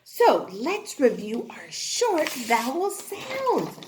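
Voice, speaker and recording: A woman's voice: high voice, huge pitch swings, extremely slow, a little mellow, a little hiss or hum. A woman teaching a kindergarten class in an exaggerated sing-song, call-and-response way. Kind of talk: teaching young children. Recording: roomy echoing room.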